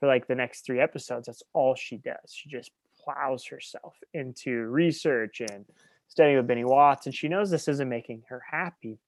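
A man's voice: mid-range voice, moderate pace, no echo. A man co-hosting a casual podcast chat, talking eagerly and gushing about what he loves. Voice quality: enthusiastic, gushing. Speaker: podcast co-host.

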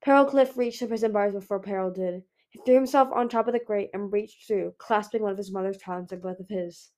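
A woman's voice: medium pitch, fairly quick, darkish tone. A woman narrating a fantasy novel as an amateur audiobook reader, stumbling and restarting words now and then. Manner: reads with frequent slips and restarts.

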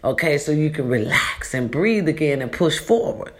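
A woman's voice: sits low, lively intonation, moderate pace. Woman, vlogger, chatty, preachy advice, echoey room. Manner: chatty and preachy, calls listeners baby and y'all. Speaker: vlogger giving life advice. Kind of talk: casual motivational monologue.

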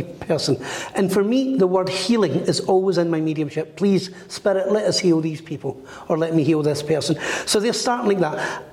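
Middle-aged guy telling a story, does the voices, pretty echoey room. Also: high voice. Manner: animated storyteller acting out quoted voices. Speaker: medium. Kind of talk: storytelling interview chat. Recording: echoey room with long reverb.

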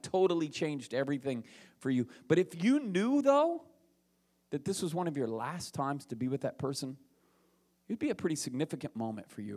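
A young adult pastor preaching a casual, conversational sermon full of rhetorical questions, rising in voice for emphasis. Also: male voice, medium pitch, darkish tone.

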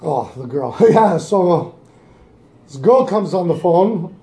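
High-voiced man telling stories in an echoey room. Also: lively intonation, slow pace, dark tone. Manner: laid-back storytelling, chuckles often. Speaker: podcast co-host. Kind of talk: casual chat.

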